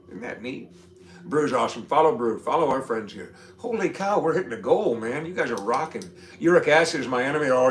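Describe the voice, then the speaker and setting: Excitable man chatting on a livestream. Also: medium pitch. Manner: excitable, animated, rambling with restarts. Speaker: livestream host. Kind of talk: casual livestream chat reading comments. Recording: roomy echo with faint ambient noise.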